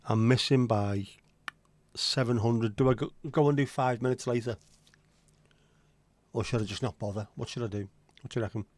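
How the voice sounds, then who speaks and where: A man's voice: mid-range voice, fairly even intonation, moderate pace, pauses often, a little mellow, no room sound. A man hosting a casual livestream, chatty and joking as he answers viewer comments. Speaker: livestream host.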